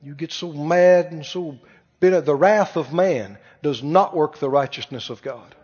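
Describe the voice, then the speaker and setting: High-voiced animated preacher in echoing hall. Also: male voice, unhurried, husky. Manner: animated, rhetorical questions to congregation. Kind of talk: sermon. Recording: muffled sound with long hall reverb.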